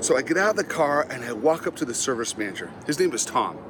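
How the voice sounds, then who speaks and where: A middle-aged man, a Christian motivational speaker, telling humorous stories about himself in an animated, self-mocking way and often laughing at his own tales. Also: medium pitch, quick pace, background noise. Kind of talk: humorous storytelling talk.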